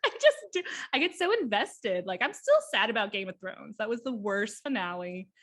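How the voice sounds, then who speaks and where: A woman co-hosting a podcast, chatting about a book in an excited, rambling way with quick bursts. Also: mid-range voice. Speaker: podcast co-host. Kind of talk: casual book chat.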